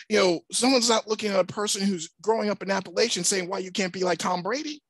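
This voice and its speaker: A man talking on a discussion panel, earnest and emphatic. His voice is bright and a little husky, and it sits high for a man. The sound is dry and close. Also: fast, hardly any pauses, dry recording. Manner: earnest, emphatic, builds to animated points. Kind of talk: conversational discussion.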